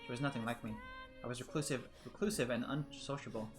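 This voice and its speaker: A man reading a visual novel aloud in a soft, reflective voice, breaking off for chatty asides. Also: medium pitch, steady tone, quick pace, music in the background. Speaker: let's play host.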